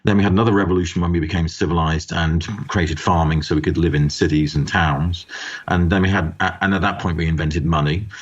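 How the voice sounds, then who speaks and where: A man's voice: deep voice, steady tone, brisk, husky. A man giving interview answers as a guest author, explaining at length and often repeating words as he starts a thought. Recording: dull lo-fi audio.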